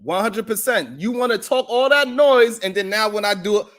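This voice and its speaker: A man's voice: high-pitched, expressive, moderate pace, a bit bright. A man hosting a live stream, ranting in heated, profane reaction commentary.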